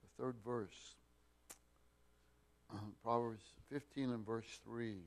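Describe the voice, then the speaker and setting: A man teaching a Bible class, pausing often with fillers and restarts and getting loud to stress key words. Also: mid-range voice, steady tone. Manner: unhurried, with many fillers and restarts, rising loud for emphasis.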